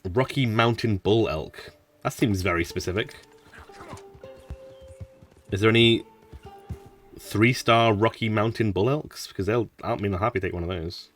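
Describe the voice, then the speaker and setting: A man's voice: on the low side, normal speed, long pauses, recorded from a distance, faint music behind. A man casually commenting on his playthrough as a gaming streamer, chatty with mumbled asides. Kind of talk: casual let's-play commentary.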